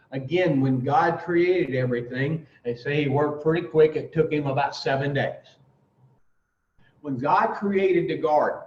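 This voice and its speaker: A man's voice: a little high, darkish tone, slight background noise. A man telling a folksy, profane recovery story to a group, acting out voices as he goes. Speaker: addiction recovery speaker. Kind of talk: casual storytelling talk. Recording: roomy dull recording from far off.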